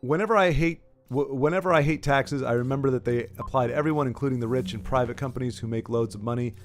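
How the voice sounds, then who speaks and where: A man's voice: medium pitch, fast talker, soft background music. A man casually commenting while playing a story game, rambling with restarts and asides. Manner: rambling, self-interrupting asides while reading game dialogue. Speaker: gaming video host. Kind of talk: casual let's play commentary.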